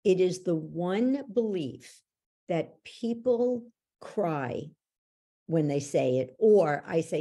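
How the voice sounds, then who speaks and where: A woman coach guiding a guest through a belief exercise with direct, steady questions. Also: fairly low pitch, slow pace.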